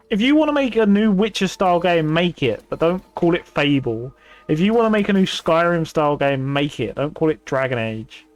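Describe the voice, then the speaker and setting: A fairly high-voiced man chatting on his gaming stream, cursing constantly as he works himself into an exasperated rant. Faint game music plays underneath his voice. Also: very animated, moderate pace. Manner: swears freely, ranting and exasperated. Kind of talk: casual gaming stream chat.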